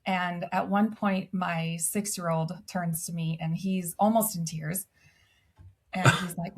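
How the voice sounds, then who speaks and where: A woman's voice: lowish voice, fairly even intonation, measured pace. A woman in her thirties, a podcast guest, telling stories in casual chat and laughing often. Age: 30s. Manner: chatty storyteller, laughs often.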